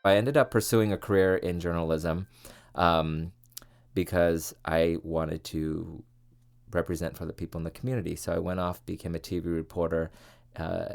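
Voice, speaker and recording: A man hosting a podcast tells his own story in a deep, low voice with a gravelly edge. He sounds earnest and reflective, and he often pauses on fillers as he works through his thoughts. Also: little pitch movement, soft background music. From California, US. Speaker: podcast host, former TV reporter. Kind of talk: personal storytelling monologue.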